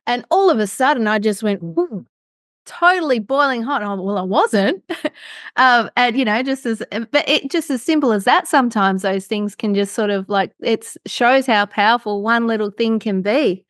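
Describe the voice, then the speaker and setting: A woman's voice: on the high side, lively intonation, normal speed, no room sound, clean studio sound. Affirming woman podcast host. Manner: encouraging, frequent affirming murmurs. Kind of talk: casual podcast conversation.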